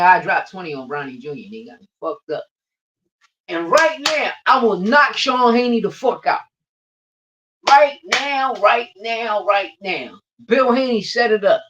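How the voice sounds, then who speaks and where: A man's voice: on the high side, fairly bright tone. A man hosting a boxing podcast, ranting casually with brash, profane trash talk and repeating lines for emphasis. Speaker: podcast host. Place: livestreamed podcast. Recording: distant, dull lo-fi mic.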